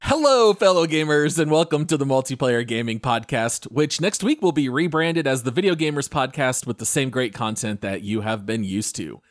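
A man's voice: medium pitch, normal speed, hardly any pauses, faint music behind. A man hosting a gaming podcast in casual chat, upbeat and joking as he introduces his co-hosts. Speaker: podcast host.

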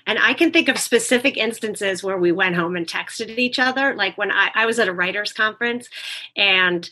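Bright-voiced woman telling lively stories. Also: mid-range voice, normal speed. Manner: lively anecdotes, laughs often. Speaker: guest author. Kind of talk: storytelling conversation.

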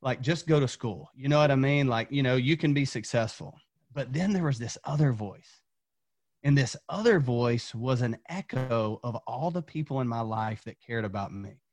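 A man's voice: medium pitch, normal speed, darkish tone. A man from Tennessee, a former coach, telling an earnest motivational story as a podcast guest, repeating words when fired up.

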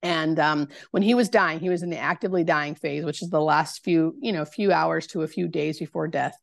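Speaking in a low, creaky voice with no room sound, a woman who works as a hospice nurse recounts something personal for a podcast interview. Her words come out in fits and starts, full of fillers as she gropes for what to say.

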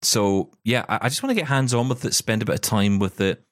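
Lively, joking male podcast host. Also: fairly low pitch, fairly quick, no room sound, clean studio sound. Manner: jokey, animated, many restarts. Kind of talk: casual chat.

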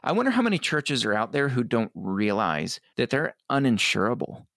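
A middle-aged man talking earnestly as an interview guest, often quoting others in quick asides. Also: medium pitch, big pitch swings, gravelly, a bit bright, no room sound, studio quality. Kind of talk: conversational interview.

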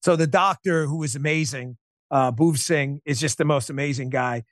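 A man guesting on an interview show, telling a personal story in an animated, emphatic way with quick restarts. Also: on the high side, no echo, studio quality. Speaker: podcast host and interview guest.

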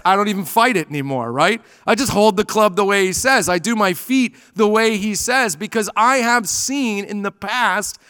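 A man's voice: high-pitched, pushed and bright, clear, resonant tone, no room sound, studio quality, in a large hall. A man preaching a sermon to a church congregation, telling stories and acting out the dialogue in them. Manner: storytelling, acting out quoted dialogue. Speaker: pastor. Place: church sanctuary.

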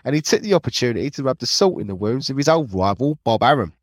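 A man's voice: mid-range voice, sing-song, fast talker, no echo, studio quality. A man co-hosting a boxing show, blunt and chatty, mixing his own asides with the story. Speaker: podcast co-host. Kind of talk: casual boxing chat.

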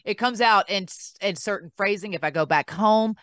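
A woman's voice: medium pitch, normal speed, no echo, studio quality. A woman with a Southern US accent hosting a casual interview, eager and agreeing, acting out lines she quotes. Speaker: interview host.

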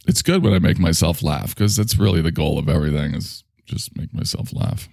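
Gravelly rambling male podcaster in pain. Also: extremely low pitch, animated, fairly quick, warm tone, no room sound, clean studio sound. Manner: rambling, self-mocking, swings between grumbling and enthusiasm. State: in back pain. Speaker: podcast host. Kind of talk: casual solo monologue.

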